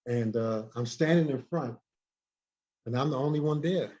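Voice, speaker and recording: A man's voice: mid-range voice, moderate pace. Man telling a story on a muffled recording. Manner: animated storyteller who repeats and restarts words. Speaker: guest. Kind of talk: storytelling in a conversational interview. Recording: dull lo-fi recording.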